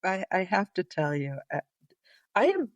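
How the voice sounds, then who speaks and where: A woman co-hosting a podcast in casual chat, blunt and quick to swear, throwing in short reactions. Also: mid-range voice, big pitch swings, dry recording, muffled recording. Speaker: podcast co-host.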